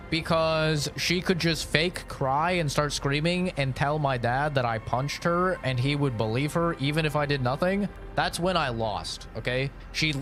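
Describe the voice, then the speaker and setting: A man's voice: a little high, fairly bright tone. A young man chatting on a gaming stream, telling crude, profane, rambling stories. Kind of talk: casual stream chat.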